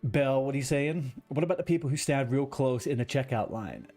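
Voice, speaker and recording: A man's voice: mid-range voice, a little fast, dark tone, soft background music. Ranting streamer guy. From London, England. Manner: chatty, ranting, swears freely. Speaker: livestreamer. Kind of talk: casual chat with viewers. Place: home room with a blue wall.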